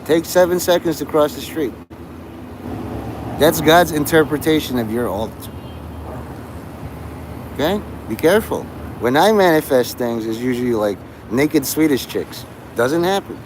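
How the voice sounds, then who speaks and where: A man's voice: a little high, lively intonation, unhurried, long pauses, slight background noise, poor audio. A man in his forties hosting a livestream, rambling casually, trailing off and restarting his thoughts. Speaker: livestream host.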